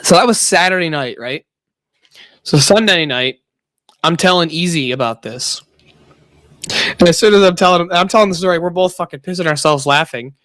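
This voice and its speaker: Young streamer guy, kinda high voice, swearing a lot, dry close mic. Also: normal speed, pauses often, a bit bright, no echo. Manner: profane storytelling, laughs often. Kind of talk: casual chat.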